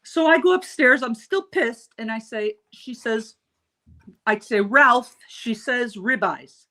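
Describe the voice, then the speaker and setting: A middle-aged woman hosts a loose, casual chat. She tells a story with salty mock outrage, and her voice sits a little high. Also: slow, sharp tone. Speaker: host.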